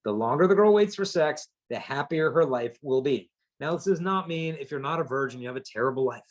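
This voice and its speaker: A man's voice: fairly high pitch, brisk. A man giving a storytelling talk to teenagers, punchy and humorous, acting out the people in his stories. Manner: lively storyteller acting out quotes; punchy, humorous delivery to teens. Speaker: chastity speaker.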